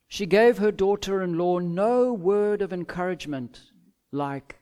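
A man preaching an expository sermon, measured, with emphatic pauses and acted-out quotes. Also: sits high, lively intonation, dark tone. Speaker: pastor.

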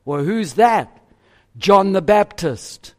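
A man preaching a sermon in an emphatic, deliberate way, pausing on each phrase. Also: sits high, animated. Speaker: pastor.

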